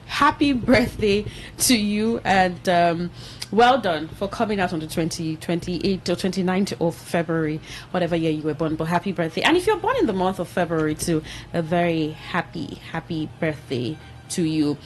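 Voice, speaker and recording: A woman's voice: on the low side, lively intonation, normal speed, darkish tone, slight background noise, low-quality recording. A woman hosting an entertainment segment in a radio studio, chatting and reading items aloud with asides. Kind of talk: casual studio chat.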